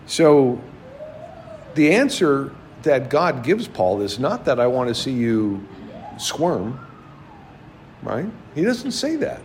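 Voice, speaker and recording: A man preaches with a lively, swinging delivery, his pitch rising and falling across each phrase. His voice sits at an ordinary middle pitch for a man. He keeps putting questions to his listeners as he teaches. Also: takes it slowly, long pauses, slight background noise. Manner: asks the audience many rhetorical questions. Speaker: preacher teaching a Bible class. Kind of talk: sermon.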